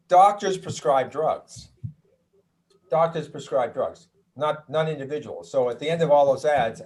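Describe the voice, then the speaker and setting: A middle-aged man from the United States, a doctor giving a presentation from slides, chatty with wry asides and frequent restarts. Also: medium pitch. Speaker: doctor giving a health talk.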